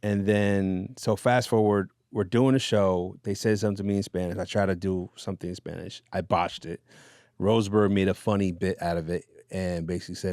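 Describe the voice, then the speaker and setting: A man, a radio DJ guest, telling stories in a relaxed, casual interview chat with fillers and laughs. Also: low voice, a little fast, no echo, studio quality.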